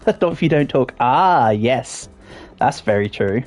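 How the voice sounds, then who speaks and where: An Englishman with a somewhat posh accent chats away on a livestream, his pitch bouncing up and down as he reacts to chat. He talks playfully and often trails off into ums before restarting a thought. Faint game music plays underneath. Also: lively intonation, takes it slowly, darkish tone. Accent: English, fairly posh southern English. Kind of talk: casual livestream chat while gaming.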